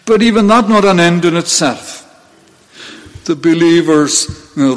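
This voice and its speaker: Slow, measured male preacher in a reverberant hall. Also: fairly high pitch. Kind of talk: sermon. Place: church. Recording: long reverb of a large hall.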